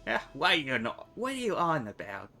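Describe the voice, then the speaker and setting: A man's voice: fairly high pitch, huge pitch swings, normal speed, sharp tone, faint music behind, voice pushed up, full character voice. A man voicing a scornful young rogue woman in a video game, with a clipped, put-on dialect and a sneering manner.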